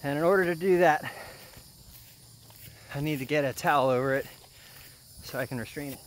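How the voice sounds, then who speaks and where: A man giving casual, joking commentary outdoors by a pond while fishing, excitable and quick to chuckle. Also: a little high, a little hiss or hum. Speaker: fishing vlogger.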